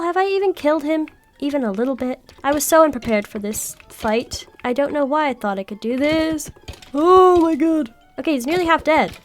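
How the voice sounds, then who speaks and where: A woman giving chatty, excitable gameplay commentary, often squealing when startled. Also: high-pitched. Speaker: gaming video creator.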